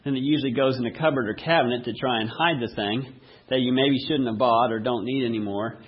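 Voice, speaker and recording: A man preaching a sermon, asking the congregation questions and telling lively everyday stories. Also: mid-range voice, a little fast, husky, muffled recording. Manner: asks the audience rhetorical questions, animated storytelling. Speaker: pastor.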